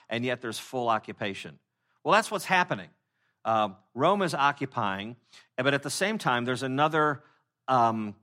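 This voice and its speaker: Bright-voiced man preaching casually. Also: medium pitch. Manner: conversational, many fillers and restarts; acts out quoted speakers in short voices. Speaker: pastor. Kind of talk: sermon.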